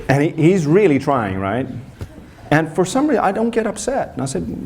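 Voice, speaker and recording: A man's voice: on the high side, normal speed. A man who works as a performance coach, telling a personal story on a conference stage with lots of restarts and self-deprecating humor. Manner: animated storyteller, acts out scenes, frequent restarts.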